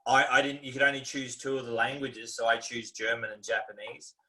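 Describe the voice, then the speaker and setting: A man's voice: medium pitch, level tone, fairly quick, pushed and bright. An Australian man chatting casually over a video call, easygoing and rambling, laughing often. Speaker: guest.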